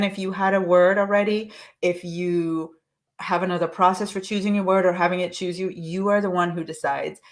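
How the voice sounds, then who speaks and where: A woman leading a live online coaching session, encouraging listeners and reciting affirmations slowly and deliberately. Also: mid-range voice. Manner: encouraging, with frequent restarts.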